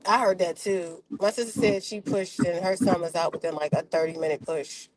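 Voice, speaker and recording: A woman in casual chat, animatedly telling her own birth story. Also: normal speed. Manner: animated storytelling, emphatic swings in pitch. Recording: noisy recording.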